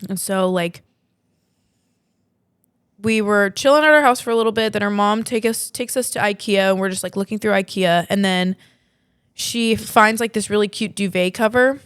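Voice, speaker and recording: A young woman chats on a podcast, winding through a story with a steady stream of fillers. Her voice is smooth and clear at a middling pitch. The sound is dry and close. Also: normal speed, no room sound. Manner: rambling storyteller, many "like" fillers. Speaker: podcast co-host. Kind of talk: casual chat.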